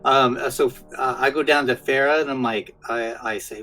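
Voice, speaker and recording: A man's voice: mid-range voice, steady tone, normal speed, sharp tone, faint music behind, poor audio. A man player in a tabletop game, speaking hesitantly with fillers.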